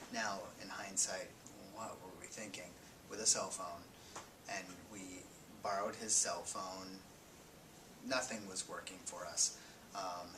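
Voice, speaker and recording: A man speaking to a class as a guest, casually recounting his time as a journalist, halting with fillers and sinking to a near-whisper on grim parts. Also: lowish voice. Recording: distant mic with noisy background.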